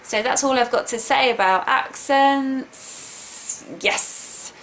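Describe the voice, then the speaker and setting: A woman's voice: sits high, slow, a bit bright, a little hiss or hum. Emphatic Southern English woman teaching. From England. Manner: emphatic, repeats points, frequent okay checks. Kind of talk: casual video lesson.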